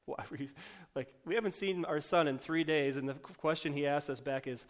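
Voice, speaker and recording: Male pastor, fairly high voice, loose and jokey sermon delivery. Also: brisk, hardly any pauses. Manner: joking, self-mocking, chatty with fillers.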